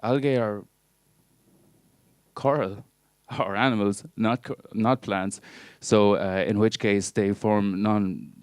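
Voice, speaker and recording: A man's voice: on the low side, steady tone, slow, smooth, dry recording. A man doing a stand-up set on a club stage, with a dry, pedantic, mock-lecturing delivery. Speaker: stand-up comedian and marine biologist. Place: comedy club stage before a live audience.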